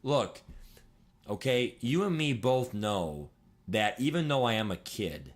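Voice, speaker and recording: Excitable young man rambling on stream. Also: mid-range voice, slow pace. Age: 20s. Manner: excitable, rambling, swears, laughs while talking. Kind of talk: casual livestream chat.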